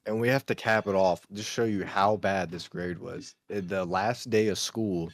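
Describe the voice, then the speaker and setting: A young man co-hosting a podcast, laid-back and quick to laugh, trailing off as he talks. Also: low-pitched, fairly even intonation, no echo. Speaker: podcast co-host. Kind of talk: casual chat.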